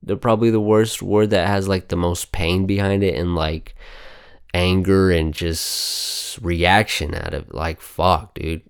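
A man's voice: low-pitched, steady tone, a little slow, gravelly, smooth. A man hosting a casual news commentary show, reading headlines aloud and reacting bluntly with heavy swearing. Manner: blunt, outspoken. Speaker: host.

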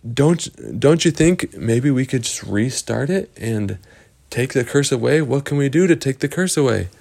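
A bunch of eager, wide-eyed children in a storybook adventure, pitched high and quick, as a man voices them. Their questions tumble out in breathless bursts over a gravelly undertone. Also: animated, a little mellow.

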